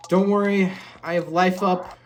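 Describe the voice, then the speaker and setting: A woman's voice: fairly low pitch, steady tone, unhurried, slight background noise. A woman giving casual let's play commentary, chatting and reacting to the game as she plays. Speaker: gaming channel host. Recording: game music playing underneath.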